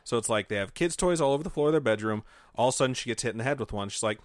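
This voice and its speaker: A man's voice: mid-range voice, expressive, racing, dry recording, studio quality. Profane joking male podcast host. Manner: profane, jokey, mocking asides. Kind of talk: casual storytelling chat.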